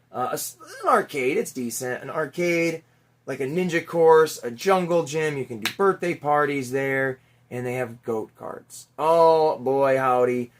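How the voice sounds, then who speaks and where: A middle-aged man telling a Father's Day story in a casual, animated way, swearing now and then and acting out the people in it. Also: medium pitch. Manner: animated, chatty, swears casually, mimics voices in anecdotes. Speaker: toy collector vlogger, father.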